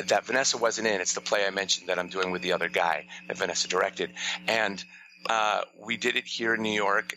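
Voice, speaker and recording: A male storyteller and playwright tells an animated backstage story in a conversational interview, acting out quotes with sudden leaps in pitch. The recording is rough, with slight background noise.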